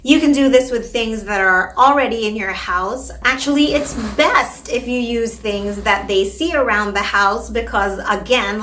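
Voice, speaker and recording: In an instructional video for parents, a woman speech therapist explains a language activity. Her mid-range voice is pushed and bright, and she models words in an exaggerated sing-song way.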